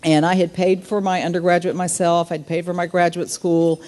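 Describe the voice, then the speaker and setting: A woman's voice: fairly low pitch, flat delivery, normal speed, darkish tone. A Southern woman in her fifties giving a luncheon keynote, telling stories with many fillers and asides. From Southern United States. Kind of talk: speech to a business audience.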